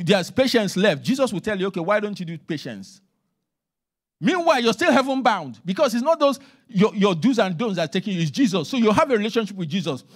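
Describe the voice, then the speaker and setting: Lively, high-voiced preacher man. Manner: emphatic preaching, swings between loud and hushed. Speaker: minister. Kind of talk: sermon. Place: church.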